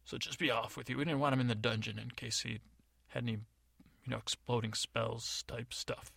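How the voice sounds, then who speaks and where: A man's voice: mid-range voice, steady tone, moderate pace, vocal fry, bright, forceful tone, dry recording, studio quality. Man doing a brusque pompous guard captain. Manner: brusque, dismissive.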